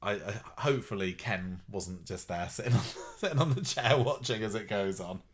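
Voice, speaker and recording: A man's voice: fairly low pitch, moderate pace, crowd noise. A man co-hosting a podcast, recapping a soap in a rambling chat with wry asides. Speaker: podcast co-host.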